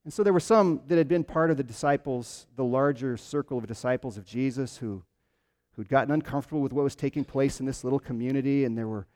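A man preaching a sermon, telling stories with lively emphasis and frequent restarts. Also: medium pitch, fast, in a large hall. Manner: animated storytelling with repeated restarts.

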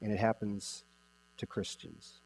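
A male pastor preaching a sermon, emphatic, repeating key phrases and slowing down to stress them. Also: on the low side, level tone, gravelly, darkish tone, in a large hall.

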